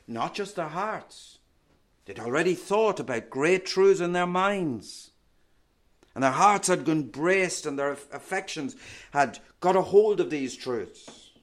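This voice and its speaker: A man preaching a sermon in a measured, emphatic teaching manner, often asking rhetorical questions. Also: on the high side.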